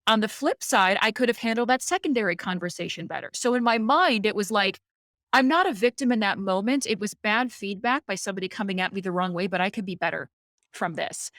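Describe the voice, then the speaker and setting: A woman who is a company president, guest on a podcast, telling a story conversationally and in lively fashion. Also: mid-range voice, brisk, no echo, studio quality. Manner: animated, acts out quoted dialogue.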